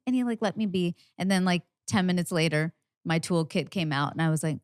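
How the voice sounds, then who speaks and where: A woman hosting a podcast, chatting casually in a lively, frank way, with fillers and casual swearing. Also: fairly low pitch, quick pace, smooth, no room sound, studio quality. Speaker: podcast host.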